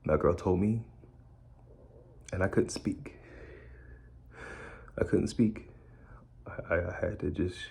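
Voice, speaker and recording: A man's voice: low-pitched, fairly even intonation, slow, creaky, pauses often, dark tone. A man speaking bluntly and candidly in a streetwise way, repeating key phrases. He is indoors in a room of a borrowed house. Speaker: speaker sharing his story. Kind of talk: candid personal talk.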